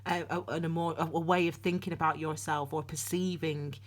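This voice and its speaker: A woman's voice: low-pitched, little pitch movement, a little fast. A young woman, talking alone to camera in a casual, rambling tarot reading full of restarts. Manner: chatty, rambling, self-interrupting with frequent restarts. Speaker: tarot reader. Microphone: solo to camera.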